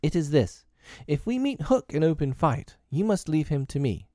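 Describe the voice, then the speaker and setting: A man's voice: fairly high pitch, sing-song, moderate pace, dark tone, dry recording, clean studio sound, pitched above the performer's own voice. A man reading aloud, voicing a proud, commanding boy leader with a clipped, lofty manner.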